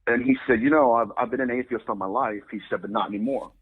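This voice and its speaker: Man, interview guest, animated storytelling, husky voice, tinny phone-like sound. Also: fast. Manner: acts out quoted people with jumps in pitch. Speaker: guest demonologist. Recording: phone-like lo-fi audio.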